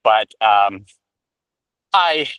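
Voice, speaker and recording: A man's voice: fairly low pitch, lively intonation, extremely slow, a bit bright, clean tone, dry recording, rough recording. A man from upstate New York, an actor guest, reminiscing over a video call while walking outside. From Rochester, New York. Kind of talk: casual storytelling interview. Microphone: video call while walking outdoors.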